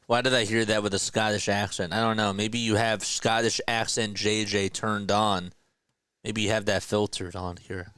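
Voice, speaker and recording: A man calls a baseball game live for his stream, his voice low and smooth. He chats with his viewers between pitches, reading their comments aloud and joking around. The sound is dry and close. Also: a bit bright, dry recording. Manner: jokey, laughs at himself. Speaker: fan play-by-play streamer. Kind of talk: casual live play-by-play commentary.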